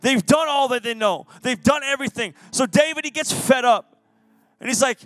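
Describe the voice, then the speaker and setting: High-voiced, lively young-sounding preacher man. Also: moderate pace, dry recording, faint music behind. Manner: energetic, casual and jokey. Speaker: youth pastor. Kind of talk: youth sermon. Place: youth service hall.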